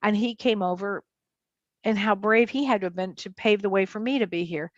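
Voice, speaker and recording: Woman, lively storyteller, dull lo-fi sound, dry. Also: brisk, dry recording. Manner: animated, acts out quotes in high voices. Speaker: psychotherapist and medium guest. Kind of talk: storytelling in an interview.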